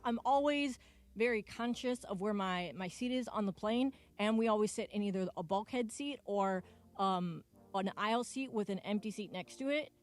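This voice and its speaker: A woman co-hosting a radio show, chatting casually and telling stories in an animated way. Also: medium pitch, normal speed. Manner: lively, animated storytelling. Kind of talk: casual sports radio chat. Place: radio studio.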